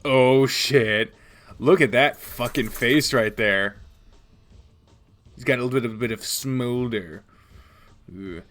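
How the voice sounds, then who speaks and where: A man's voice: medium pitch, slow, long pauses. Young man reading a game aloud. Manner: animated, swearing, laughs at names. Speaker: let's play host. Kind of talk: reading a visual novel aloud with reactions.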